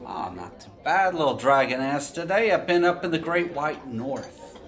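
Profane, animated podcast guy. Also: on the high side, normal speed. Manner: loud, joking and profane. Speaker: podcast co-host. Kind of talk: casual chat.

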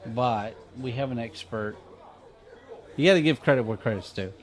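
A man's voice: medium pitch, moderate pace. Casting: male co-host, mid voice, dry teasing banter. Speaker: podcast co-host. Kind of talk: casual comedy chat.

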